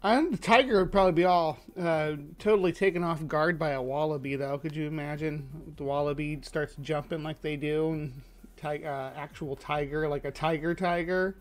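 A man co-hosting a podcast in casual chat, excitable and rambling, with lots of "like" and restarts as he reacts. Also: on the high side, normal speed. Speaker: podcast co-host.

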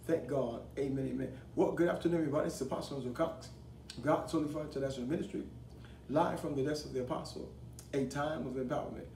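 A man's voice: medium pitch, fast talker, gravelly. Fervent preaching man, echoey room. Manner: call-and-response preaching, rising to fervent shouting. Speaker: apostle and pastor. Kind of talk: sermon broadcast. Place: studio desk setting. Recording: roomy echo, distant mic, faint hiss.

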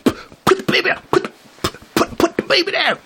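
A man putting on the voice of a nagging woman who keeps repeating the same shouted demand in rapid stutters. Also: very high-pitched, a little hiss or hum, voice pushed up.

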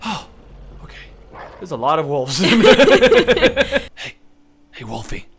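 A man casually commentating a video game, joking, excitable and often laughing. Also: mid-range voice, moderate pace, slight background noise. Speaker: gameplay commentator. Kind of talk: casual let's-play commentary.

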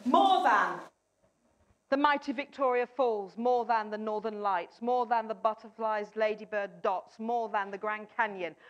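A woman preaching an energetic sermon at a church gathering, firing questions at the congregation and urging them to answer. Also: on the high side, unhurried. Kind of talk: lively interactive sermon. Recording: dull lo-fi sound.

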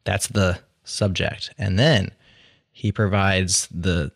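A man's voice: low voice, fairly even intonation, slow pace, creaky, no room sound, clean studio sound. A man hosting a podcast in casual tech chat, curious and asking follow-up questions. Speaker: podcast host.

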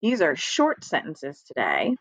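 Patient woman teacher for a kids' reading lesson, unhurried and encouraging, dull dry home recording. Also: low-pitched, huge pitch swings, fairly bright tone, no room sound. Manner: slow, patient, encouraging, speaks directly to students. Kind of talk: recorded early-reading lesson for young children. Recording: dry, slightly dull lo-fi audio.

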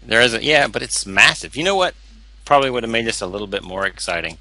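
A man's voice: mid-range voice, animated, quick pace, sharp tone, no echo, rough recording. A man chatting casually while playing a game, playful and fond of putting on accents. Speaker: game player. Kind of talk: casual gameplay chat.

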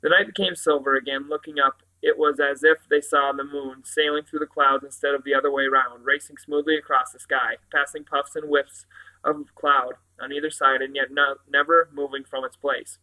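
A man reading a children's novel aloud in a steady manner, with occasional slips and restarts. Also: medium pitch, normal speed, low-quality recording. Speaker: reader.

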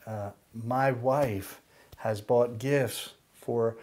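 Slow, deliberate older preacher man. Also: mid-range voice, fairly even intonation, a little mellow. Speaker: pastor. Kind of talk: sermon with prayer.

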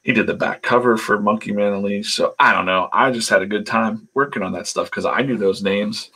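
A man telling casual, rambling stories while he hosts a livestream. His low voice is husky and gravelly, with a bright edge, and he laughs and swears as he talks. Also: fairly quick. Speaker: comic artist and channel host.

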